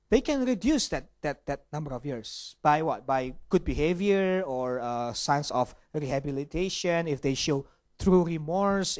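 Pastor preaching in English. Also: male voice, fairly high pitch. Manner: asks the audience questions, with some Indonesian asides. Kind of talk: sermon.

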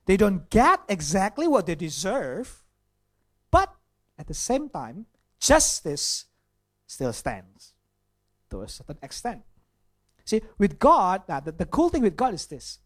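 Pastor preaching in English. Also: male voice, high voice, huge pitch swings, takes it slowly, long pauses, a bit bright. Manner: asks the audience questions, with some Indonesian asides. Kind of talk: sermon.

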